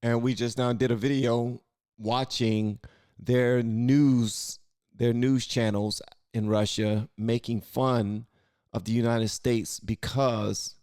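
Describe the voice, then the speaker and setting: A man's voice: lowish voice, vocal fry, a little mellow, no echo, clean studio sound. A man hosting a reaction video, talking in a loose, colloquial way and often repeating himself. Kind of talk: casual reaction commentary.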